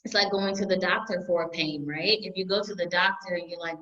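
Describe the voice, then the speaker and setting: A woman accountant presenting a webinar to small business owners, lively and acting out clients' voices. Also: fairly low pitch, a little fast, highs cut off.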